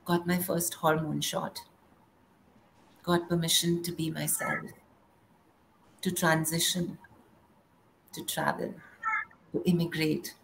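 A middle-aged woman performing a spoken word poem in a slow, measured recitation. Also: sits low, little pitch movement, vocal fry, a little hiss or hum, rough recording. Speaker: poet.

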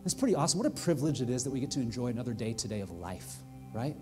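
A male pastor preaching a sermon in a church, earnest and heartfelt, building to excited emphasis. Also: mid-range voice, rapid-fire, music in the background. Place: church sanctuary.

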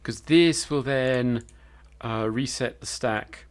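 A man's voice: medium pitch, takes it slowly, a little hiss or hum. A man giving live coding commentary as a programmer, thinking aloud and hesitating with fillers.

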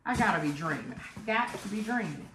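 A woman, chatting excitedly and dramatically to viewers while unboxing gifts at home. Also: mid-range voice, quick pace. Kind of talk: casual chat to viewers. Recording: roomy echo, faint noise.

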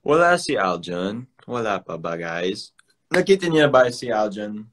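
A man's voice: on the low side, sing-song, moderate pace, a bit bright. Chatty young man hosting a live stream. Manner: switches between English and Filipino, chatty with viewers. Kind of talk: casual chat. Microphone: phone.

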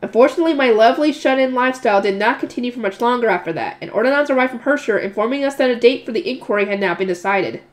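A woman's voice: a little high, animated, rapid-fire, few pauses. A woman reading a light novel aloud and stopping now and then for casual comments. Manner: breaks off for chatty comments and laughs at herself.

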